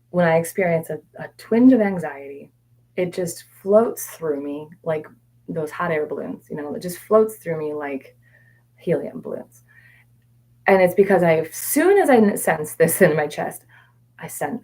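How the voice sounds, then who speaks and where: A woman coaching viewers in a live question-and-answer session, candid and meandering, with fillers and self-corrections, sometimes dropping to soft whispered repetitions. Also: lowish voice, animated, measured pace. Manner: soft-spoken, drops to quiet whispered repetitions. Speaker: mindset coach.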